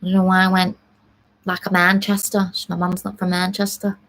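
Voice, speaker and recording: Chatty young woman, slightly low voice. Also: monotone, brisk, fairly bright tone. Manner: chatty and rambling, many "like" and "um" fillers. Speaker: live stream host answering viewer questions. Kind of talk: casual live Q&A chat.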